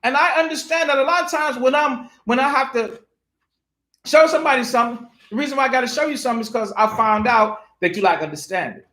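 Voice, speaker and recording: A man's voice: very high voice, fast, pushed and bright. A man preaching from scripture with emphasis, asking rhetorical questions and repeating phrases. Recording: roomy echo.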